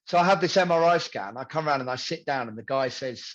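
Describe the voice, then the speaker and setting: A man's voice: mid-range voice, fast, highs cut off. A man in his thirties, a podcast guest, telling his own story candidly and acting out the voices of others. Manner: animated, acts out dialogue in quoted voices.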